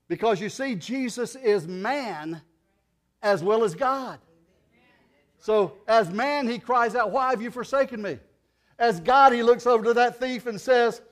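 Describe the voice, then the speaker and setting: A male pastor preaching a sermon, moving from quiet reasoning to loud cries of praise and softly recited hymn lines. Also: sits high, unhurried.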